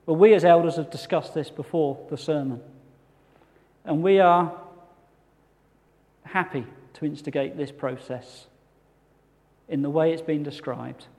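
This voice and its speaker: A man preaching a sermon as a pastor, earnest and measured with touches of light humour. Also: on the high side, warm tone. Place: church hall. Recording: long hall reverb.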